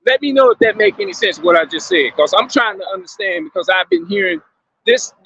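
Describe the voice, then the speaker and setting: Gravelly man musing aloud to viewers. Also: high-pitched, animated, brisk, sharp tone, lo-fi sound, slight background noise. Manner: questioning, repetitive, emphatic. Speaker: commentator addressing viewers. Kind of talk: casual monologue to viewers.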